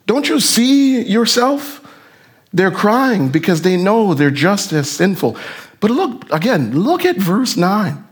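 A man preaching a sermon with fervent rhetorical questions, moving from hushed reading to shouting. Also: very high-pitched, very animated, takes it slowly.

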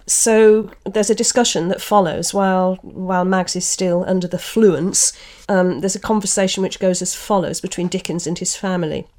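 A woman's voice: lowish voice, steady tone, normal speed, few pauses, a little mellow. A woman novelist discussing a book and reading from it, thoughtful and full of restarts. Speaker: novelist guest.

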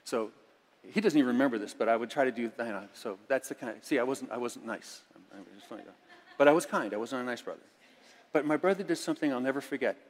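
A middle-aged man preaching a sermon as a pastor, moving between hushed reading and loud, emphatic lines. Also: mid-range voice, quick pace. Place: church sanctuary. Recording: church sanctuary with long reverb.

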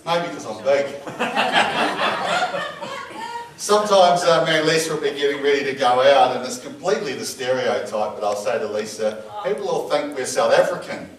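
A man's voice: medium pitch, very animated, moderate pace, slight background noise. A middle-aged man with a New Zealand accent preaching a sermon, telling jovial stories and laughing often. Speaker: pastor. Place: church hall with congregation. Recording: echoey hall, mic from a distance.

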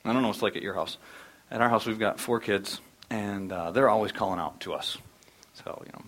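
With a mid-range voice and a quick pace, a middle-aged man preaches, telling stories energetically. Now and then he sinks to near a whisper to drive a point home, as a pastor in the middle of his sermon.

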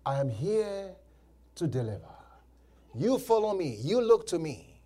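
Guy pastor preaching a sermon, voice a bit high, swings up and down a lot, repeats himself. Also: sing-song, measured pace, dark tone. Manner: preaching with call-and-response, repeats phrases, laughs between points. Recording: live church service.

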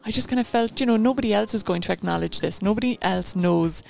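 A woman leads a guided running session as a coach. She talks in a chatty, rambling, encouraging way. Her voice has a noticeable gravelly fry, and faint music plays underneath. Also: medium pitch, quick pace.

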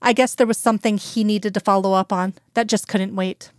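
A woman voicing a weary, reluctant female agent in a story reading, flat and tired. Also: mid-range voice, a little fast, no echo, studio quality, lightly acted.

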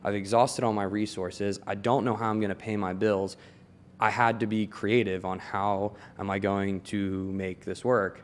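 A young man from Maryland, a tailor and guest, telling animated stories in casual chat, swearing and laughing often. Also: on the low side, slight background noise.

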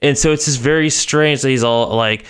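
A young man chats on a podcast, rambling, backtracking and tossing in jokes. His voice is smooth and clear at a middle pitch. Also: moderate pace. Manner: rambling, self-interrupting, jokey asides. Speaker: podcast co-host. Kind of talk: casual chat.

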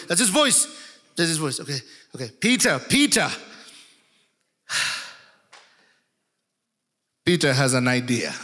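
A man preaching a sermon, telling the story in an animated way with acted quotes. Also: mid-range voice, big-room sound. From Uganda. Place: church.

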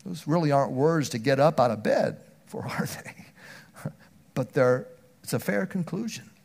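A man preaching a sermon, earnest, often restarting words, swinging from loud emphatic stretches down to a near hush. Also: on the high side, expressive, measured pace, creaky.

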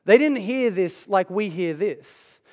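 High-voiced man preaching in a reverberant hall. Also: lively intonation, takes it slowly, darkish tone. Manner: conversational, emphatic preaching with asides. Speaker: pastor. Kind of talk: sermon.

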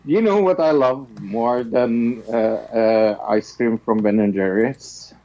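A man co-hosting a casual reaction chat, relaxed and agreeable. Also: medium pitch, slow pace, dull audio. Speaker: co-host.

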